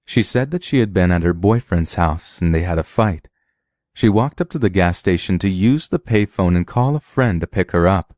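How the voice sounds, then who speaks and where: A man's voice: sits low, lively intonation, normal speed, darkish tone, no echo, studio quality. A man narrating a true horror story in a blunt, profane telling.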